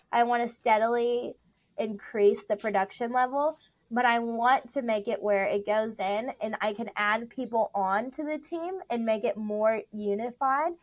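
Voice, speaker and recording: A young woman talks about her real estate work in a casual interview. Her voice sits a little high, and she tells stories in a chatty, animated way, full of fillers. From Texas. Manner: chatty, animated storytelling with many "like"s. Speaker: real estate agent, guest.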